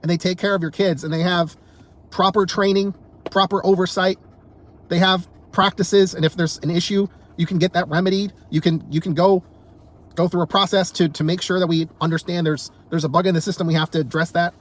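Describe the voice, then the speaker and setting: Man, high-pitched, heated monologue vlogger; fed-up, profane, restarts words when worked up. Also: fairly even intonation, fairly quick. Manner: angry, exasperated, swears often. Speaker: political commentator. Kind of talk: heated political rant to camera.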